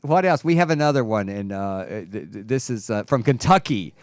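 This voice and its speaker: A man's voice: mid-range voice, normal speed, dry recording, clean studio sound. A man with a drawl hosting a casual talk show, blunt and gossipy, laughing as he reads stories aloud. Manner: animated, gossipy and blunt, laughs while reading. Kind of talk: casual chat.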